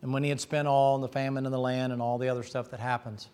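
A middle-aged man preaching a folksy, joking sermon that climbs to loud, shouting peaks. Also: medium pitch, level tone, fast, clear, resonant tone. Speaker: pastor.

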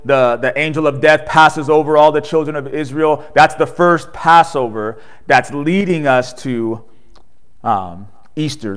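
A pastor preaching a sermon. He tells the story with animation, asks rhetorical questions and often tags his lines with "right?". At solemn points he drops soft and low. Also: clear, resonant tone.

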